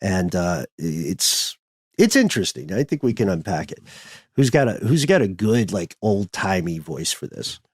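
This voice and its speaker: A man's voice: low-pitched, sing-song, normal speed, slightly rough, no room sound, studio quality. A man hosting a podcast, explaining history in a conversational, thinking-aloud way. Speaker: podcast host.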